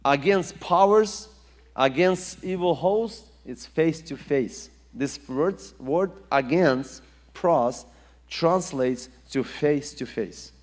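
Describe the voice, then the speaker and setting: A man's voice: fairly high pitch, slow pace. Man preaching in an echoing hall. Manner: emphatic, rising and falling delivery with repetition. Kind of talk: sermon.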